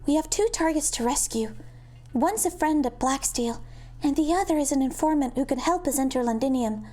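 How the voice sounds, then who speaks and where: A woman voicing a spirited young female soldier scout with a Yankee accent, giving brisk reports. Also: high-pitched, dark tone, pitched above the performer's own voice, close to an everyday voice. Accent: American Yankee.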